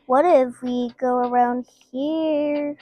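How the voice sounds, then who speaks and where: A woman with a high, light voice talks through a video game in a chatty, playful way. She takes her time and speaks to her viewers as she plays. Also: fairly even intonation, slow, dark tone, no room sound. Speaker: gaming channel host. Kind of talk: casual gameplay commentary.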